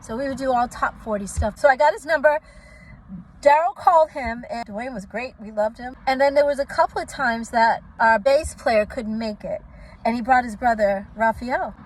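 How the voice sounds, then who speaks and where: A woman's voice: fairly high pitch, moderate pace, rough recording. A middle-aged woman from Oakland, a singer, speaking to her viewers in a candid, indignant commentary vlog. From Oakland, California, USA. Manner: indignant and direct, addresses viewers as y'all. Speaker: singer and vlogger.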